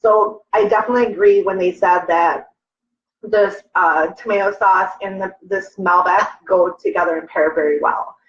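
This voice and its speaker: A woman's voice: mid-range voice, fairly even intonation, moderate pace, distant mic. A young woman co-hosting a casual wine tasting livestream, upbeat and casual, often saying "like". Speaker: co-host, daughter. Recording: echoey room, dull lo-fi sound.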